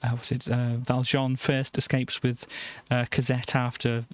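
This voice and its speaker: A man's voice: mid-range voice, completely flat delivery, a little slow, no room sound. A man streamer chatting casually on a live stream, rambling with lots of restarts and giggles.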